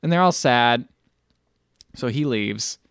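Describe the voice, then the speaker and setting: Lively, clear-voiced man recapping a movie. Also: medium pitch, slow, no room sound, clean studio sound. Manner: animated, acts out characters' lines in silly voices. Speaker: podcast co-host. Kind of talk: casual chat recapping a movie.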